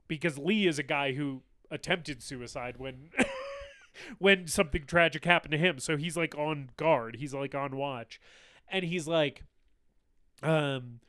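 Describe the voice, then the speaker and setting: A man's voice: a little high, very animated, unhurried, pushed and bright, dry recording. A man co-hosting a podcast who eagerly retells film scenes in a casual way, with some swearing. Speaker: podcast co-host.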